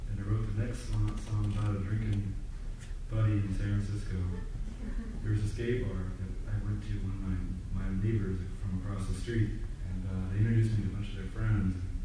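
A man's voice: lowish voice, little pitch movement, fairly quick, background noise. A man telling rambling, self-mocking stories between songs on a theater stage, laughing often at himself. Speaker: singer-songwriter on stage. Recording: distant, roomy live concert recording. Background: guitar and audience.

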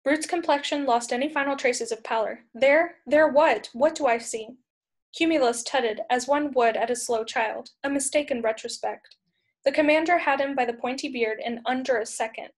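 A woman teacher reading a chapter book aloud, steady and clear. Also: sits high, fairly quick. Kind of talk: read-aloud storybook narration.

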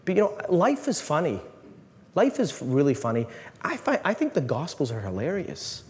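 A man, a priest, giving an animated, joking talk to a live audience, often restarting his sentences. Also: a little high, moderate pace. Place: large hall. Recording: long reverb in a hall, faint room noise.

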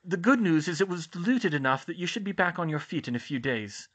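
A man voicing a brisk, motherly middle-aged school nurse in an audiobook, fussing and exclaiming quickly. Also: fairly high pitch, animated, fairly bright tone, breathy edge, voice pushed up. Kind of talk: audiobook character voice.

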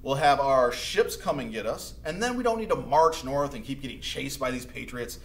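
A man's voice: medium pitch, expressive, normal speed, lightly acted. A man acting out a flustered male British general who asks and exclaims in rising tones. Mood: breezy.

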